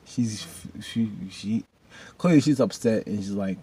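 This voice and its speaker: Man, low voice, husky, casual episode recap, rambling, slangy, animated. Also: moderate pace. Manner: rambling, animated, loose slang, laughs often. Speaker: video host recapping a TV episode.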